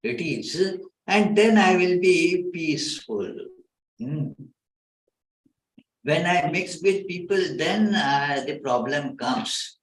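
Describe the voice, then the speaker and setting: A man giving a spiritual talk as a swami, speaking haltingly with many filler sounds. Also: fairly high pitch, animated. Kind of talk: spiritual lecture. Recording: roomy hall echo.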